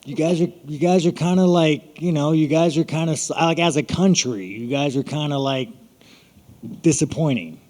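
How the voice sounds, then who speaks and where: A man's voice: a little high, moderate pace, darkish tone. Profane, rambling American man in a reverberant hall. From United States. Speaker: fighter at a media scrum. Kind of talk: casual media Q&A.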